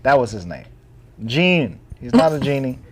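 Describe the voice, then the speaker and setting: A man's voice: mid-range voice, very animated, moderate pace, a crowd in the background. A man co-hosting a podcast, casually recapping a film with lots of fillers, restarts and laughs. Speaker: podcast co-host. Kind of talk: casual chat.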